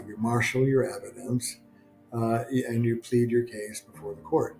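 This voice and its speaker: A man's voice: mid-range voice, fairly even intonation, normal speed, creaky, darkish tone, faint music behind, poor audio. An older man talking straight to the camera as a couples therapist, chatty and wry, sometimes playing both sides of a quarrel. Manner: conversational, acts out both sides of a couple's argument. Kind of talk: direct-to-camera talk.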